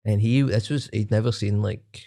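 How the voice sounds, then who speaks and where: A man's voice: on the low side, steady tone, normal speed, gravelly, warm tone. A man telling rambling stories with frequent laughter in a casual podcast chat. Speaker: comedian guest.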